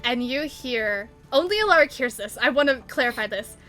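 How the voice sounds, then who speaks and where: A woman narrating as game master in a playful, laughing, unhurried way. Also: high voice, expressive, fairly bright tone, faint music behind.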